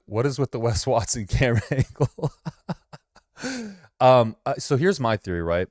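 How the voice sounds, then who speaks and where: A man's voice: on the low side, a little mellow, no room sound, studio quality. A man hosting a casual reaction commentary, sarcastic and loose, often laughing and swearing. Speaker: host reacting to videos.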